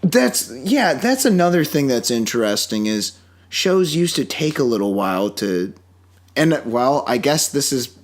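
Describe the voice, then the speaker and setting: A man's voice: mid-range voice, sing-song, a little slow. A man co-hosting a podcast in casual chat, rambling through his points and joking with mock outrage. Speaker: podcast co-host.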